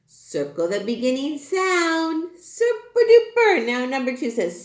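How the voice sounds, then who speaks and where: A woman teaching an online phonics class to young children, encouraging and exaggerated, speaking slowly and clearly. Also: sits high, big pitch swings, roomy sound. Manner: sing-song, encouraging, slow and exaggerated for small children. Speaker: kindergarten teacher.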